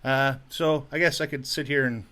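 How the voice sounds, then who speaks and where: A man's voice: medium pitch, steady tone, moderate pace, pushed and bright. A man hosting a casual podcast intro, rambling with many fillers and restarts. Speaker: podcast host.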